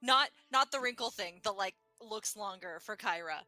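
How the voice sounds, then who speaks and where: A woman playing a tabletop role-playing game, giggly and quick-witted, pressing with pointed questions. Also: medium pitch, pushed and bright, no room sound, soft background music. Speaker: player.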